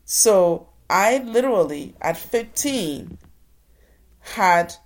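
A woman for whom English is a second language, telling her own story slowly and deliberately, pausing between phrases. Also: mid-range voice, expressive. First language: not English. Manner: slow and deliberate, with pauses. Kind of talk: reflective personal storytelling.

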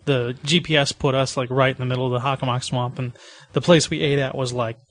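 A man's voice: medium pitch, steady tone, fast talker. Man, podcast co-host, skeptical, chatty. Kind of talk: casual group podcast chat.

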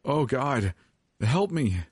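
A man's voice: on the low side, sing-song, a little slow, a little mellow, breathy edge, dry recording, studio quality, pitched above the performer's own voice, full character voice. A man voicing a terrified young woman in a horror story, speaking in a shaky, pleading voice raised well above his own.

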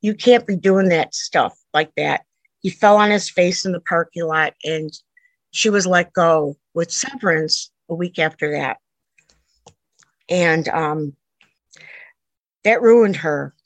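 A middle-aged woman with a lowish voice recounts a family story in earnest, meandering sentences that keep jumping back and forth in time. The recording is dry and close, with almost no room sound. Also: slow pace, pauses often, no room sound, poor audio. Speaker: interviewee, a mother telling her daughter's story. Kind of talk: personal storytelling.

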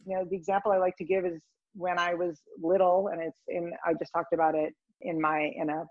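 A woman guest in an interview, telling stories in a rambling, animated way. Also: on the low side, brisk, no echo, narrow, tinny audio. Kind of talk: conversational storytelling.

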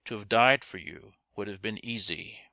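Stern young gentleman read by a man, resolute, gravelly, dry close sound. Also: on the low side, moderate pace, no room sound. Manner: stern, firm.

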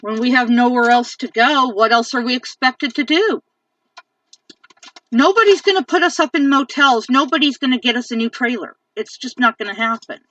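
A woman rants in a long angry monologue, repeating herself and swearing for emphasis. Her voice is high and bright with a tense edge. It is recorded dry, from a distance, with a dull lo-fi sound. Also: animated, normal speed, no room sound. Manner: angry, repetitive ranting; profane, emphatic. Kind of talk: venting monologue.

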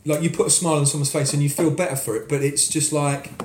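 A British man in his forties, telling stories in a casual, animated chat and often restarting his sentences. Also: a little high, fast talker, a little hiss or hum. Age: 40s. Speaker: podcast guest, cosplayer. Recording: roomy echo.

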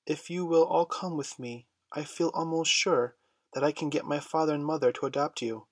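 A man voicing a young girl who acts motherly and gentle, speaking in a husky voice. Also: on the high side, steady tone, normal speed, no room sound, voice pushed up. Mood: reassuring.

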